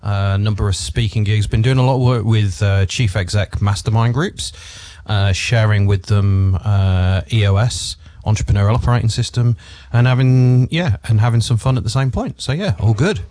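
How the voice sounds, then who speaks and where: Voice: mid-range voice, normal speed, warm tone, no echo. A radio co-host in the studio, chatting in an upbeat, easygoing way. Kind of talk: casual radio chat.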